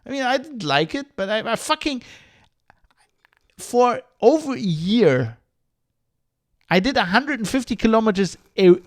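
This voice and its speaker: A man hosting a podcast livestream, ranting in a heated, profane, rambling way. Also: high-pitched. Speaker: podcast host.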